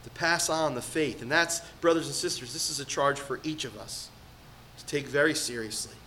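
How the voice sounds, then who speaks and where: A middle-aged man preaching a sermon as pastor, swinging between loud emphatic peaks and quiet asides. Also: a little high, moderate pace, a little hiss or hum.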